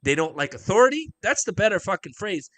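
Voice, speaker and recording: A man's voice: high voice, big pitch swings, brisk, a bit bright, no room sound. A man hosting a livestream, commenting on video clips in an emphatic, profane rant full of rhetorical questions. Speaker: livestream host. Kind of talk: live-stream commentary over video clips.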